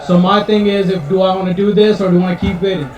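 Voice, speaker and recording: A man giving a heartfelt, joking speech at a retirement party, halting, with many restarts. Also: sits high, little pitch movement, darkish tone. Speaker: guest speaker. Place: party room. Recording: roomy hall, mic at a distance.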